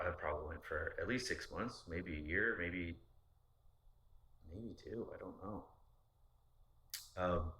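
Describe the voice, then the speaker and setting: Low-voiced man, candid and profane. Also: bright, forceful tone. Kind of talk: casual storytelling. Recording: roomy echo.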